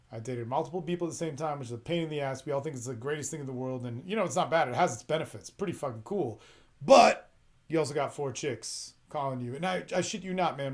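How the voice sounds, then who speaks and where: A man's voice: medium pitch, a little mellow. A man hosting an advice podcast, talking bluntly in a rambling, profane, emphatic way. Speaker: podcast host giving relationship advice. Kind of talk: casual advice monologue.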